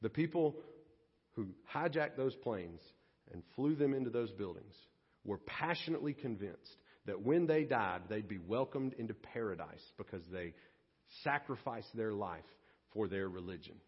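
A man preaching a sermon as pastor, dramatic, swinging between loud bursts and hushed low passages. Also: lively intonation, moderate pace, husky. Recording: dull lo-fi audio with long church reverb.

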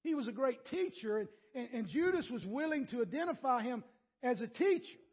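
High, husky-voiced male pastor preaching. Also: animated, a little fast, lo-fi sound. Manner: repeats words, addresses congregation by name; swings from quiet to loud and emphatic. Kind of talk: sermon.

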